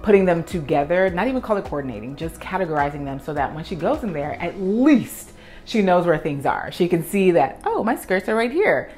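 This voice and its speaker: A young woman, a professional organizer, telling an animated story in a vlog while she tidies, acting out her own past reactions. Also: fairly low pitch, a little fast, soft background music.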